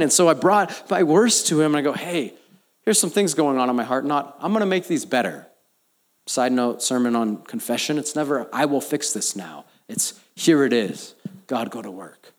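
A man preaching a sermon as pastor, telling personal stories, building to emphatic lines and dropping to quiet, low asides. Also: expressive, brisk. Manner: storytelling, rising to emphatic peaks then dropping soft and low.

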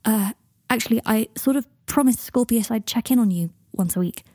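A woman's voice: on the high side, warm tone, no echo, clean studio sound, close to an everyday voice. A woman voicing an awkward, flustered young wizard man who speaks hesitantly. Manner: hesitant, halting.

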